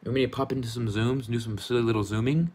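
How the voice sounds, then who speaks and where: A man's voice: medium pitch, steady tone, very fast, a little mellow, slightly rough. A man hosting a casual gaming vlog from his room, talking in a goofy, rambling, playfully affectionate way. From United States. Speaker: gaming YouTuber.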